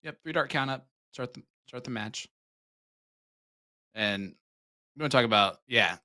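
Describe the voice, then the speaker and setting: Bright-voiced joking darts commentator, man. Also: mid-range voice, no echo. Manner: joking, chatty, quick asides. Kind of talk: live sports commentary.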